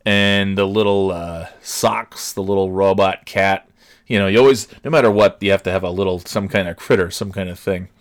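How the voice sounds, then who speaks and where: A man's voice: sits low, normal speed. A man in his forties hosting a casual solo talk show, ranting and swearing with sarcastic asides. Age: 40s. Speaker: podcast host.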